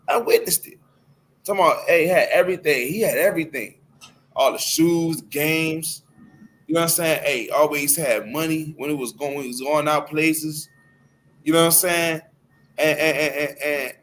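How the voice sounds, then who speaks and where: A man's voice: a little high, fairly bright tone, a little hiss or hum. Emphatic man leading a scripture talk. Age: adult. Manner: loose and emphatic, many fillers like hey and man. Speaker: class speaker. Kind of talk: casual scripture discussion.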